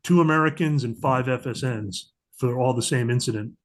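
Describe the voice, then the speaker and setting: He is a middle-aged podcast guest and diplomatic security agent, speaking in a medium pitch at a normal speed. Telling stories casually in an interview, he animates them by acting out what people said.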